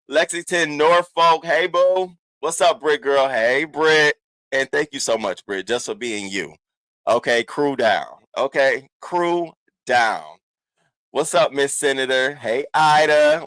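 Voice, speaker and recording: Brief: male livestream host, AAVE, lively and profane, greeting viewers one by one, dry room. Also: medium pitch, dry recording. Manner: animated, profane, shouting out chat names. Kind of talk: casual livestream chat.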